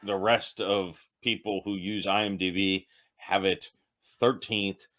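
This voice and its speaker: A man's voice: deep voice, flat delivery, slow pace, a bit bright. A tipsy man hosting a comedic ranking show, rambling loosely and poking fun at himself. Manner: rambling, loose and self-mocking. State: tipsy from drinking. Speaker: host ranking TV episodes. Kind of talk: casual comedic ranking monologue.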